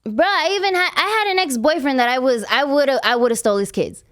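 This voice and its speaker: A young adult woman hosts a podcast, telling a personal story in a blunt, profane, emotional, confessional way. Her voice sits high and sounds brisk with a fairly bright tone, in a casual podcast chat.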